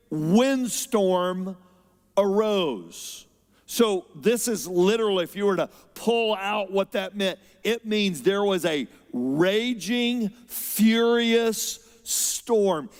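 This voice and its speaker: High-voiced pastor preaching in a reverberant hall. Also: male voice. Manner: expressive, swings between loud emphasis and quiet. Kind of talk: sermon. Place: church auditorium.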